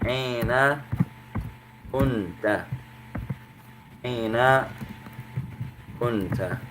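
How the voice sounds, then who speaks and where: A male Arabic teacher leading a class, switching between Arabic and English and repeating new words slowly for his students to copy. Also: mid-range voice, noisy background. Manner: drills new words by slow repetition; mixes Arabic and English, addresses students as brothers. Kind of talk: language class instruction.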